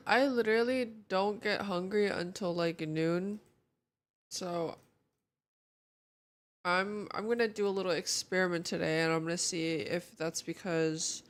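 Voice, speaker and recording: A young woman streaming from home, chatting casually with her viewers in a sleepy morning voice and greeting them one by one. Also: lowish voice. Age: young adult. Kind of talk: casual chat.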